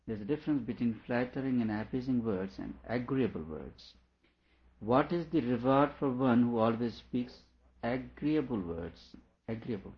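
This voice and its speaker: A man's voice: medium pitch, dull audio. A man reading a philosophical text aloud and explaining it line by line, with a chuckle now and then. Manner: reads a passage aloud, then comments on it with small laughs. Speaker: teacher.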